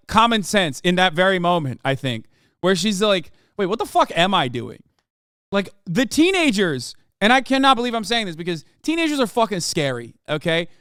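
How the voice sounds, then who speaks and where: A man in his thirties streaming, reacting to a video in casual, profane, animated commentary. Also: sits high, clear, resonant tone, no room sound, clean studio sound. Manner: profane, animated, repeats "okay?" often.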